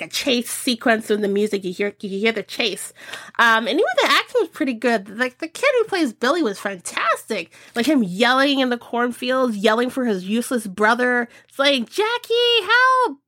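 A woman hosting a podcast, chatting casually about movie picks and acting out scenes in high voices. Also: sharp tone, dry recording. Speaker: podcast host.

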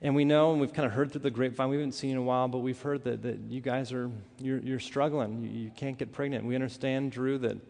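A man preaching a sermon, telling a personal story with earnest, animated delivery and frequent restarts. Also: medium pitch, fast talker, few pauses. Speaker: pastor. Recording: hall reverb.

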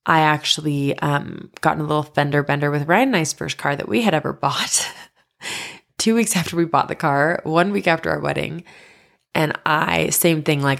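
A young woman with a low, gravelly voice tells a personal story on her podcast. She gets animated and acts out the voices of the people in it. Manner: animated, quoting others in dialogue, breaks into laughs. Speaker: podcast host.

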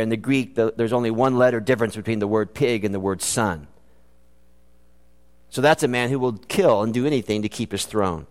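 A man preaching a sermon in a church, earnest and animated, mixing scripture references with joking asides. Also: mid-range voice. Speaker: pastor. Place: church sanctuary. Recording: long hall reverb.

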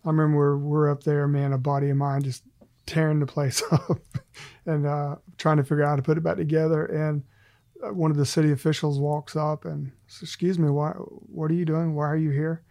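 A man's voice: a little high, flat delivery, a little fast, darkish tone. A middle-aged man, a guest in a casual faith conversation, telling self-deprecating stories and laughing often.

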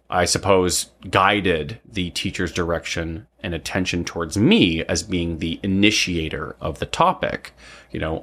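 A man's voice: low-pitched, fairly bright tone. A man of about forty telling a personal story in a casual, rambling way, often asking "right?" between thoughts. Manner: rambling, frequent "um" and tag "right?".

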